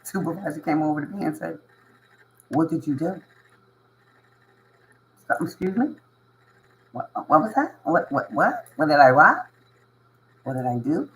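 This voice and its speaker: A man with a voice a bit higher than most talks straight to his viewers in an earnest, emotional monologue. He hammers points home through repetition, keeps checking in with "you know what I mean" and chuckles between lines. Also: big pitch swings, moderate pace, long pauses, fairly bright tone, poor audio. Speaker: spiritual channel host. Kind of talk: casual motivational monologue to viewers.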